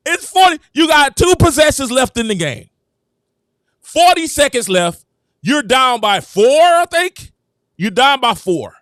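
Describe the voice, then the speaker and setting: A man hosting a sports talk show, excitable and repetitive, calling out to his viewers. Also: extremely high pitch, moderate pace, no echo, clean studio sound. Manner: excitable, repeats himself, addresses viewers as "citizens". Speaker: sports commentary show host. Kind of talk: animated sports opinion talk.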